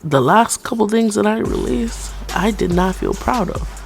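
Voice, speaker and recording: A woman talks off the cuff in a rambling, profane rant, blunt and quick to mock herself. Her voice sits at an ordinary middle pitch but carries a strong gravelly fry, with faint music playing behind her. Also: lively intonation. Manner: rambling, profane, self-deprecating; blunt and frank. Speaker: PNGtuber vlogger.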